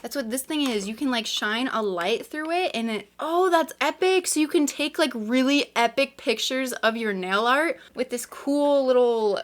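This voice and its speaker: A woman's voice: sits high, normal speed, hardly any pauses. Gushing woman unboxing nail supplies. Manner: gushing and excitable, with gasps and frequent "like". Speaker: nail vlogger. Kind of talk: unboxing vlog.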